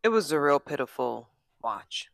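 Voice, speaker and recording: A blunt, foul-mouthed sports podcast co-host with a bright, forceful voice. The sound is close and dry, with no room around it. The talk is loose and opinionated, and it slips into mock quotes of the players. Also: medium pitch, big pitch swings, moderate pace, gravelly, dry recording. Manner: blunt and profane, acts out players' imagined thoughts. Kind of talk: casual sports chat.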